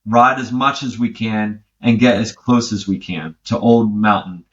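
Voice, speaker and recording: A man co-hosting a podcast, telling an animated story in casual chat. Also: on the low side, a little slow, dull audio. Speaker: podcast co-host.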